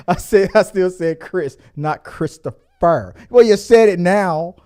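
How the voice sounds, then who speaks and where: A middle-aged man hosting a casual commentary show, laughing often and jumping into high mock voices. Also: slow, a little mellow. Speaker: host.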